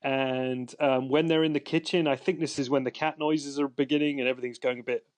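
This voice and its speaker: A man's voice: medium pitch, fairly even intonation, fairly quick. A man hosting a podcast, chatting casually and rambling with fillers and restarts. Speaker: podcast host. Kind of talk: casual chat.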